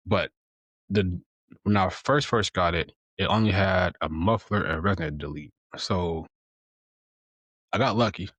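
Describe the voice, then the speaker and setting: A man hosting a casual chat, relaxed, repeating words and quoting himself as he tells a story. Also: low-pitched, no echo, muffled recording. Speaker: podcast host.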